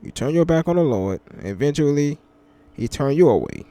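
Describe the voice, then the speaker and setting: A man's voice: fairly high pitch, expressive, warm tone. Laid-back slangy man riffing casually. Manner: laid-back slangy banter, reads scripture slowly. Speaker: commentary channel host. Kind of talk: casual reaction commentary. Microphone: headphones with mic.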